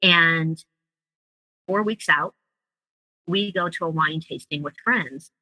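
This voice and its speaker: A woman with a low, bright, pushed voice speaks slowly in a dry, low-quality recording. She is a guest in an interview recounting her own experiences with emotion and vivid detail, acting out what other people said.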